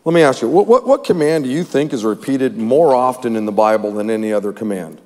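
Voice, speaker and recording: A man preaching a sermon as pastor, telling stories with lively, repetitive phrasing, recorded in a reverberant church hall. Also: mid-range voice, quick pace, few pauses. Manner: animated storytelling with repeated phrases.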